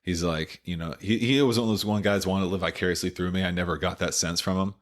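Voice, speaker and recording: A man in his late thirties, a former baseball pitcher, telling his story casually in an interview, full of "like" and "you know.". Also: steady tone, quick pace. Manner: rambling, filler-heavy retelling full of "like" and "you know".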